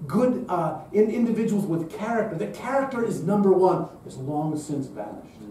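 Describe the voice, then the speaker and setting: A man's voice: sits high, lively intonation, moderate pace, mellow, very echoey, recorded from a distance, slight background noise, rough recording. A man giving an emphatic lecture-style talk at a public event, posing rhetorical questions to the audience.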